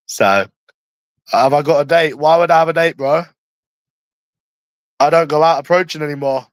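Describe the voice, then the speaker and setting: A man's voice: fairly high pitch, moderate pace, pauses often, dry recording, poor audio. Brash London man with a dry sound. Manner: brash, rambling and heavy swearing. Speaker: streamer. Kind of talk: casual live-stream chat. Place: room at home.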